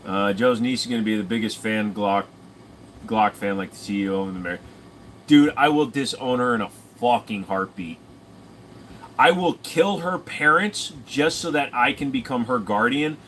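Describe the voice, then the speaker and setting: A man's voice: medium pitch, pushed and bright, a little hiss or hum. A young man casually answering chat on a stream, rambling and cracking profane jokes.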